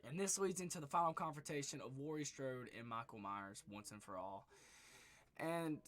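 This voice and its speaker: A man excitedly retelling a movie plot in a rambling, profane spoiler review, his voice going hoarse. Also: medium pitch, normal speed. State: losing his voice. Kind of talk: casual spoiler review monologue. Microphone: webcam.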